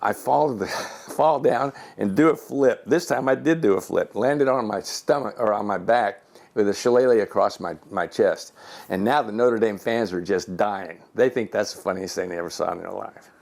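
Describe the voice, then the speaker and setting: Older man, seventies, retired officer, low gravelly voice, animated anecdote teller who voices his characters. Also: normal speed. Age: 70s. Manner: animated storyteller who acts out quoted voices. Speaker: retired Air Force general. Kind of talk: telling personal anecdotes. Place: his own home.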